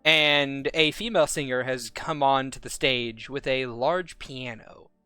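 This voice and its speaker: Slow, bright-voiced man running a game. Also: medium pitch, clean tone, no room sound, faint music behind. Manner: rambling, self-correcting. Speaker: game master. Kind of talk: narrating a tabletop game.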